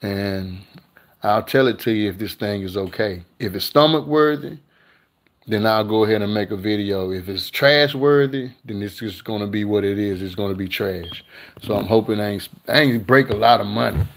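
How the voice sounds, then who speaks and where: A man's voice: on the low side, normal speed. An older man hosting a casual live cooking stream, chatting with viewers and reading their comments aloud in a laid-back, slangy way. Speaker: cooking channel host.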